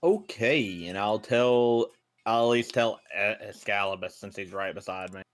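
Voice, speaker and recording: Man, tabletop player in voice chat; lowish voice, relaxed, short answers. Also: unhurried. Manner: laid-back, short replies. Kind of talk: casual tabletop game chat.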